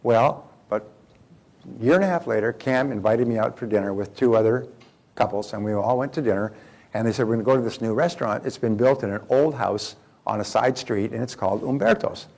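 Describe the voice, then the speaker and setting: A man's voice: mid-range voice, a little fast, creaky, darkish tone. An older man giving a motivational lecture to a seminar audience, telling rambling anecdotes in a conversational way and often repeating phrases. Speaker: motivational speaker.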